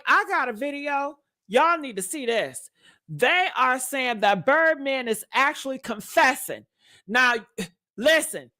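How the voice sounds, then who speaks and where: A woman delivers gossip commentary like a sermon. Her voice sits high and bright and swings wildly up and down. She takes her time, stretching out her emphatic lines. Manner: preachy, emphatic, repeats lines for effect. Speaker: commentary vlogger.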